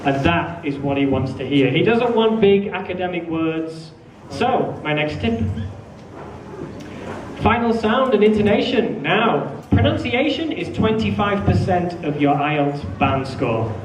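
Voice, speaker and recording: A man with a high voice lectures a class in a lively, animated way, often acting out answers with big feeling. He sounds distant from the mic in an echoey room. Faint noise hums underneath. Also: unhurried. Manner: animated, acts out student answers with exaggerated feeling. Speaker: English teacher.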